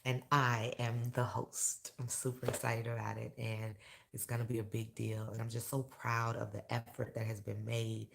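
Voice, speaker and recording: Very low-voiced woman with a gravelly edge. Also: little pitch movement, normal speed, noisy background. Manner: candid and emotional, swearing, heats up into loud rants. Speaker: vlogger and awards show host. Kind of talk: casual direct-to-camera vlog.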